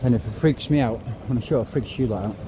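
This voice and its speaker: A man's voice: mid-range voice, fast. Breathless rambling man in his fifties on city streets. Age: 50s. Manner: chatty, rambling, swears and apologizes. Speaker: travel vlogger. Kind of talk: casual walking vlog. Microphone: clip-on mic to phone. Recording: outdoor street noise.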